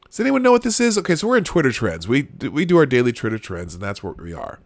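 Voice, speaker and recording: Lively, rambling male live-stream host. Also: medium pitch, fast, no echo. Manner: rambling, restarts often, laughs at own jokes; talks to chat viewers directly. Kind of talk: casual live-stream commentary.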